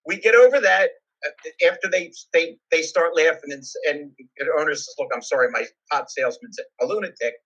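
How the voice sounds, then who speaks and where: A man's voice: on the high side, a little fast, a bit bright, muffled recording. A salesman telling a funny story from his own career in a casual, self-mocking way.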